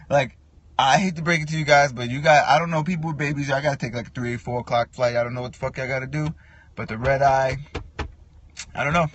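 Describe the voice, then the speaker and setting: A man ranting in a casual, profane monologue, animated and quick to act out what others said. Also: medium pitch, a little hiss or hum. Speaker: podcast host.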